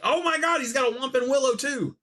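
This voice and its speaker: A man hosting a podcast, chatting casually about a movie with quick jokes and frequent laughter. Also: very high voice. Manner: animated, laughing, jokey asides. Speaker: podcast host. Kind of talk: casual movie commentary chat.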